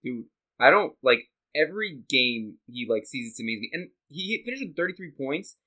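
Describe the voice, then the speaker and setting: A young man on a casual sports podcast, eager and quick with questions and excited asides. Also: mid-range voice. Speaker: podcast co-host.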